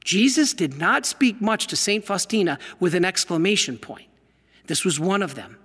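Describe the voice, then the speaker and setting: A man preaching a sermon, reading aloud from a diary and exclaiming over it with animated emphasis. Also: high-pitched, normal speed, slightly rough, big-room sound. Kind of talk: Catholic sermon talk.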